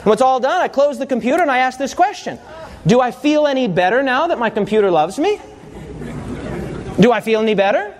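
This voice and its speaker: A man's voice: very high voice, expressive, fairly quick, slight background noise. A pastor preaching a sermon, telling humorous stories and quizzing his congregation.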